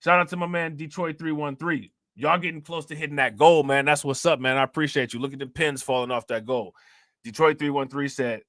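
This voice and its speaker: A man hosting a casual crypto livestream, chatting in relaxed slang, laughing often and thanking viewers for their comments. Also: mid-range voice, fast talker, no room sound, studio quality. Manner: laid-back slangy talk with frequent laughs. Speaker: crypto channel host.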